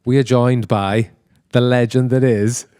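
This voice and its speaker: A man's voice: medium pitch, steady tone, measured pace, mellow, clear, resonant tone, no echo, clean studio sound. A man hosting a podcast, chatting casually into a handheld mic, jokey and laughing often, with many restarts. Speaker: podcast host and band member. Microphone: handheld microphone.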